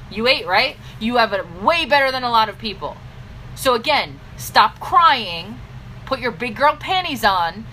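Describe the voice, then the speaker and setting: Woman coach with a crisp, higher voice, blunt and scolding, motivational talk to camera. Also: sharp tone, a little hiss or hum, poor audio. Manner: blunt, scolding pep talk with sudden pitch swings. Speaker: business coach. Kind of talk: direct-to-camera motivational vlog.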